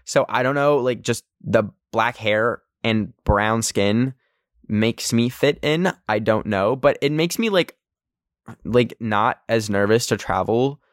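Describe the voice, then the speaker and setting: A man's voice: medium pitch, slow pace, no echo. Anxious rambling young man, dry sound. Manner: anxious, rambling, heavy use of filler words. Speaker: podcast host. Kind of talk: casual solo podcast monologue.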